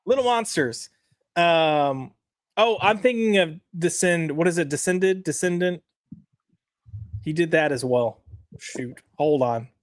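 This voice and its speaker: A man's voice: on the high side, lively intonation, a little slow, pauses often, dry recording, clean studio sound. A man co-hosting a weekly comics podcast in casual chat, reading lines aloud and checking the live chat.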